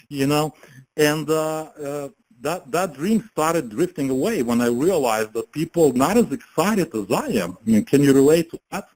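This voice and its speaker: A man giving a casual motivational pitch as a network marketing promoter, chatty, laughing often and filling his talk with "you know" and "right?". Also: expressive, moderate pace, darkish tone, low-quality recording. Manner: chatty, laughs often, many fillers and tag questions.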